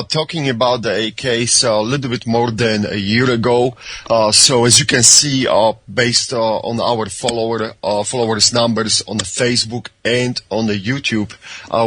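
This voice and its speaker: A man with a Polish accent, a guest on a radio show, speaking in halting English full of pauses, friendly. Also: mid-range voice, a bit bright, slightly rough, dry recording. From Poland. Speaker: guest, gun channel creator and serviceman. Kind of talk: phone-in radio interview.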